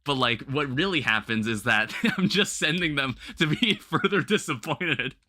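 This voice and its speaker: A young man hosting a livestream, chatting casually while gaming and telling rambling, animated stories with some swearing. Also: a little high, normal speed. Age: young adult. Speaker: livestream host.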